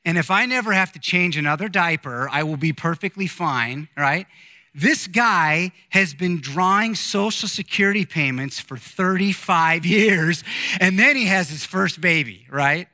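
Guy in his 40s preaching, reads scripture then riffs, bright voice, dry close sound. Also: sits high, measured pace, no echo. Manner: animated, conversational preaching with asides to the congregation. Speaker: pastor. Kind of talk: sermon with scripture reading.

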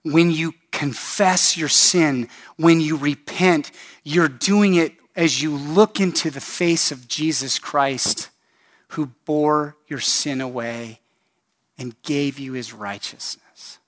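Male pastor mid-sermon, slow and earnest, slightly raised pitch, pleading calls to the congregation. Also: a bit bright. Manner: earnest, emphatic storytelling with pleading appeals.

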